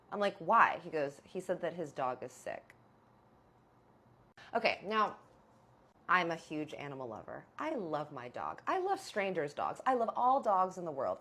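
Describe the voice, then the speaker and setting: A young adult woman casually telling a personal story to camera, animated and exasperated, acting out the dialogue. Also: lowish voice. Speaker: vlogger.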